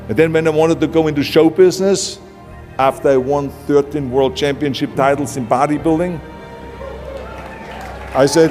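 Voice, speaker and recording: A man's voice: on the high side, fairly even intonation, brisk, darkish tone. A man with an Austrian accent giving a blunt, punchy motivational speech. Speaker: motivational speaker. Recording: long hall reverb with music beneath. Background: background music.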